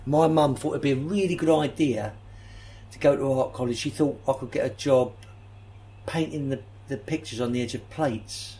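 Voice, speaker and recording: A man's voice: mid-range voice, normal speed, warm tone, lightly acted. A man with a London accent playing an elderly retired footballer in an improvised comic interview, hesitant and repeating himself, in a mildly put-on posh voice. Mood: deadpan. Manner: hesitant, repeats words, dry understatement. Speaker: guest.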